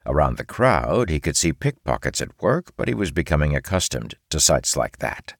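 A man narrating a fantasy audiobook in a steady storytelling manner. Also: very deep voice, moderate pace, breathy edge, dry recording, clean studio sound.

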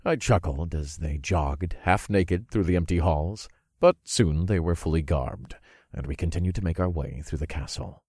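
A man narrating an audiobook in the first person, telling the story in a relaxed, smooth way. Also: sits low, moderate pace, no room sound, studio quality.

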